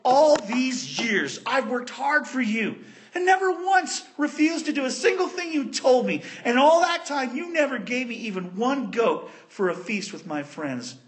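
A man playing an indignant older brother, pitched high and complaining. His voice rises and falls sharply as he whines about being overlooked. A story figure acted out from a pulpit. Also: animated, a little slow.

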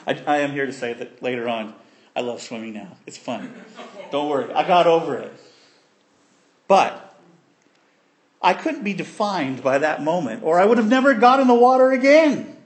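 A man preaching a sermon, telling a childhood story with animated voices and sound effects. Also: a little high, normal speed, pauses often. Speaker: pastor.

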